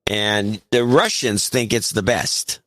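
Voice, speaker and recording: Low-ish dry voiced guy reading donor notes on a podcast, wry little asides. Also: slow, fairly bright tone, no echo. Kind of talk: casual banter reading listener notes.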